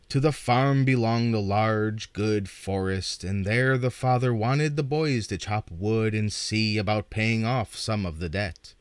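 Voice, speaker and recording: A man reading folk tales aloud as a storyteller, in a measured and expressive way. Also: fairly low pitch, no echo. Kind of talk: unhurried storytelling narration.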